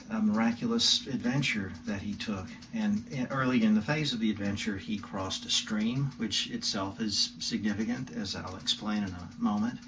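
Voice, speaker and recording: A male lecturer in a recorded video talk, speaking thoughtfully with frequent fillers and self-corrections, in a room he calls not ideal. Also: fairly low pitch. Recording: distant mic, noisy room.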